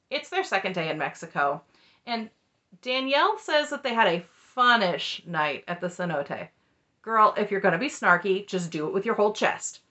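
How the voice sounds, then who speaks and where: A woman's voice: medium pitch, pushed and bright. A woman hosting a casual, chatty recap with snarky asides. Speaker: recap host. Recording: muffled lo-fi audio.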